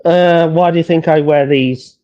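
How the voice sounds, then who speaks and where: A man's voice: fairly high pitch, steady tone, moderate pace, lo-fi sound. A man co-hosting a casual book-talk podcast, talking animatedly with stumbling restarts. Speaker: podcast co-host. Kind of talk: casual chat.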